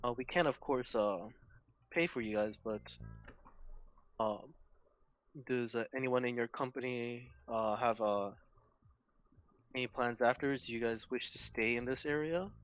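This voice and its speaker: A man's voice: mid-range voice, unhurried, pauses often. A man playing in character at a tabletop game, speaking politely and hesitantly. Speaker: player. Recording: dull lo-fi sound.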